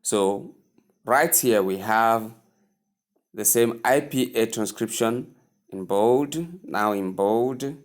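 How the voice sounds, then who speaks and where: A man teaching English pronunciation, repeating each word slowly and carefully. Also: lowish voice. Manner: repeats words slowly, drawn-out emphasis. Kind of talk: slow spoken lesson.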